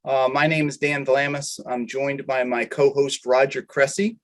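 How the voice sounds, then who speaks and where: A man's voice: medium pitch, little pitch movement, a bit bright. Man co-hosting a video-call webinar. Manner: hesitant, frequent filler pauses. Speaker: webinar co-host. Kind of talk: casual online meeting chat and housekeeping announcements.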